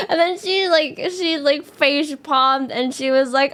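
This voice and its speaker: A young woman with a high voice tells her stream chat a story at an unhurried pace. She rambles, giggles often and fills her talk with fillers. It is a casual streamer vlog. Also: expressive, a bit bright. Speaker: VTuber streamer.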